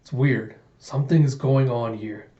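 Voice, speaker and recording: A blunt young cyborg warrior woman, read out by a man in his everyday voice. The tone is mellow and the recording sounds muffled and roomy, like a home setup. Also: mid-range voice, steady tone, moderate pace, close to an everyday voice. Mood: reflective. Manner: plain reading voice, barely changed.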